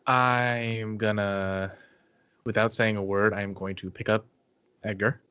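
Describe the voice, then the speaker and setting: Low-voiced laid-back male player. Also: flat delivery, slow pace, sharp tone, clear, resonant tone, no room sound, highs cut off. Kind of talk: casual tabletop game chat.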